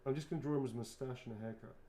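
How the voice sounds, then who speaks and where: A man in mid pitch talks loosely and rambles while he signs items, dropping casual swears. His speech is informal and unscripted, with a faint hiss of room noise underneath. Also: steady tone, rapid-fire, dark tone. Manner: rambling, chatty, swears freely. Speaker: actor signing autographs. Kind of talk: casual livestream chat.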